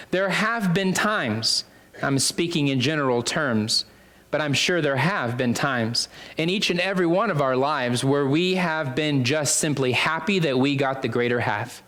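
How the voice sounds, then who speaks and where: Chatty preacher repeating key phrases. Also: male voice, on the high side, fairly bright tone. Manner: conversational, with many fillers and restarts. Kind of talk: sermon.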